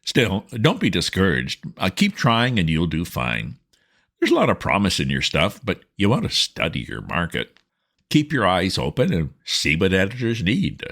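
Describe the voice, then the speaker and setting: A man's voice: low voice, wildly swooping pitch, normal speed, fairly bright tone, exaggerated voice. Man doing a jovial breezy young toff. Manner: hearty, breezy. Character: jovial exuberant young gentleman editor.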